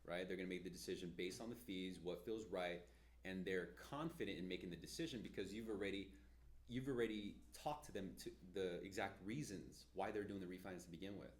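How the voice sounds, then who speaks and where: A man with a fairly low voice coaches a sales team in loose, energetic talk. He is blunt and swears freely as he explains his methods. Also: fairly quick. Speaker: sales trainer.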